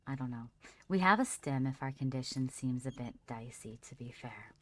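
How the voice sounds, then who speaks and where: A woman's voice: very deep voice, expressive, moderate pace. A woman streaming a survival game, chatting casually with her viewers and fondly talking to her character as she plays. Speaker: livestreamer. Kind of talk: casual gameplay commentary.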